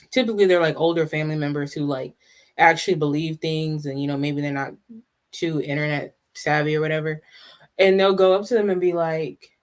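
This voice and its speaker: Brief: live-stream host, halting off-the-cuff chat, mid-pitched, talks straight to viewers in the chat. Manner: chatty, answers live viewers' comments; halting, many restarts and asides.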